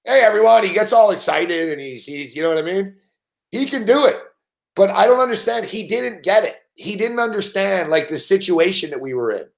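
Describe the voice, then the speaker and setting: Profane, animated man telling a story. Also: high voice, a little fast, vocal fry. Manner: swears constantly, animated, laughs often. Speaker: sports betting show host.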